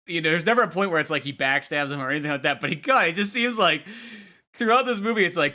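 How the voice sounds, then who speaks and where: A man co-hosting a podcast, his voice pitched a little high with a bright edge. He rambles through retellings, swearing and laughing freely. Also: lively intonation, fast talker. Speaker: podcast co-host. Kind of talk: casual chat.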